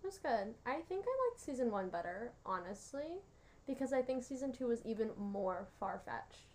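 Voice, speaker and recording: A woman's voice: on the high side, big pitch swings, moderate pace, darkish tone, slight background noise. A young woman chatting casually on a podcast, giggly and gushing, full of "like". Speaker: podcast co-host. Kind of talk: casual chat.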